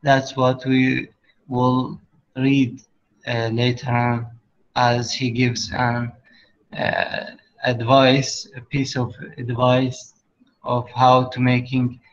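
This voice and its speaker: Man, English teacher, slow halting speech, muffled sound. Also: medium pitch, monotone. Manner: slow, halting explanations, switching to Arabic. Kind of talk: online class lesson.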